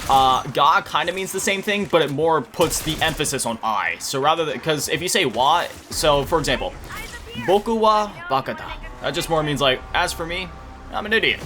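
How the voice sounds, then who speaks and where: Over music, a man chats casually during gameplay with a fairly high, animated voice, talking a little fast with hardly any pauses. He's a gaming video creator who rambles, corrects himself often, and fills his talk with fillers and self-deprecating chuckles.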